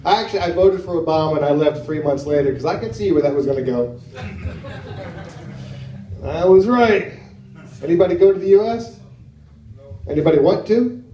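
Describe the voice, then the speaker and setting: A man's voice: fairly high pitch, expressive, dark tone. American man doing stand-up in a roomy club. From United States. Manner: halting, slow in places, with many fillers and asides to the crowd. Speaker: stand-up comedian. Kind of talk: stand-up comedy set. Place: live comedy stage. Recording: roomy venue sound from a distance.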